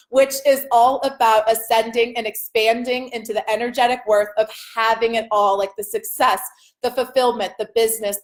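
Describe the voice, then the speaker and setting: A fairly high-voiced woman talks to her live stream viewers in a casual, upbeat way. She coaches them on spiritual growth, keeps checking in with "okay?" and calls them "y'all.".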